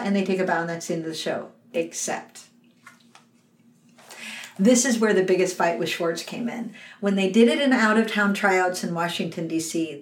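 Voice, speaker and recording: A woman co-hosting a casual podcast chat who acts out characters' lines as she retells a show. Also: fairly low pitch. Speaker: podcast co-host. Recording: roomy, slightly distant mic.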